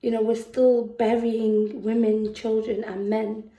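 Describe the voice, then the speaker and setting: A woman with a Scouse accent performing spoken word poetry, slow and deliberate, with emphatic repetitions. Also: on the high side, flat delivery, dark tone, roomy sound, low-quality recording. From England. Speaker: poet. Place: festival venue indoors.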